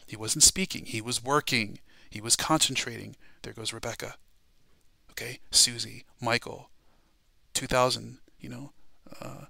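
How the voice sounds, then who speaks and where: Forceful, gravelly man teaching scripture. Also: mid-range voice, dry recording. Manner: emphatic, asks "all right?" and "okay?" often; swings from quiet asides to loud stressed words. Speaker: Bible study teacher. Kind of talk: preaching Bible study lesson.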